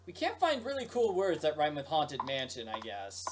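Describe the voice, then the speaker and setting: A man's voice: on the high side, wildly swooping pitch, normal speed, very noisy. A man giving playful let's play commentary, joking and breaking into silly sung rhymes. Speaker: video game streamer. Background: game music.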